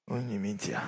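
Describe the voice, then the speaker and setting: A middle-aged man preaching a sermon, swinging from shouts down to near whispers. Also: mid-range voice, a little hiss or hum. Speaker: pastor.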